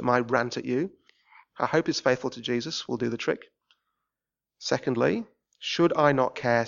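An English man preaching a sermon in a church, swinging between shouted rants and quiet pleading. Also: mid-range voice, vocal fry, lo-fi sound. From England. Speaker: visiting preacher.

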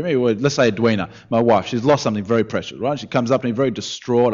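A man preaching a sermon, sinking to hushed words and climbing to urgent questions. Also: medium pitch, quick pace, few pauses, muffled recording. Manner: expressive preaching, dropping to hushed tones and rising to urgent questions. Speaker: pastor.

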